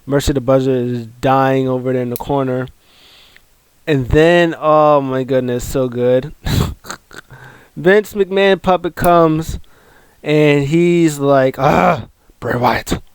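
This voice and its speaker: A man hosting a casual wrestling recap, excitable and rambling, with lots of fillers and restarts. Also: medium pitch, slow pace, pauses often, clear, resonant tone, no echo. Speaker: wrestling show recap host. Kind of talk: casual video commentary.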